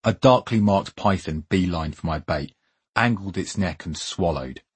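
A man narrates a first-person memoir in a fairly low, husky voice. His reading is wry and vivid, with a dramatic sense of pacing. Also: a little slow. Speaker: storyteller.

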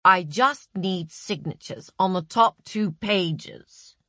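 A tall, imperious woman boss who speaks curtly and expects to be obeyed, read by a woman narrator. The delivery is slow, low and dry. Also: bright, forceful tone, no echo, full character voice.

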